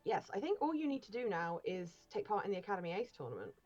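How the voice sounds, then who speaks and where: A woman's voice: mid-range voice, sing-song, fast talker, darkish tone, lo-fi sound, soft background music. A woman co-hosting a game stream, telling anecdotes in a chatty way with plenty of ums and laughing through her stories. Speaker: stream co-host. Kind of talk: casual storytelling chat.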